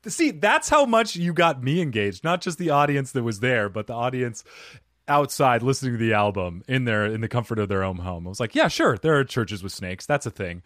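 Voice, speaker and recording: A man hosting a podcast, relaxed and quick to laugh with his guest. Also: medium pitch, no echo, clean studio sound. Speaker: podcast host. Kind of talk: casual podcast chat.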